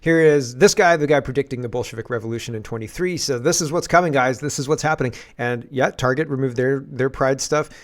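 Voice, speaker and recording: A man's voice: medium pitch, fast, few pauses. A man in a mid-range voice hosts a political commentary stream and reacts to clips as they play. He is sarcastic and loose, often restarting his sentences as he goes. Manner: sarcastic asides, lots of restarts.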